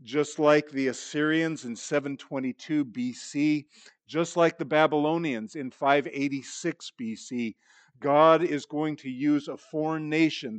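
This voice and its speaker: A man's voice: mid-range voice, no echo. A man preaching an expository sermon, teaching earnestly, asking rhetorical questions and restarting with repeated words. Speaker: pastor.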